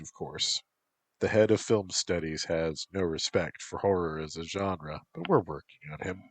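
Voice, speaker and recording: A man's voice: deep voice, no room sound. A man reading a first-person story aloud as a wry college woman narrator. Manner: dry, wry asides. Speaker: story reader.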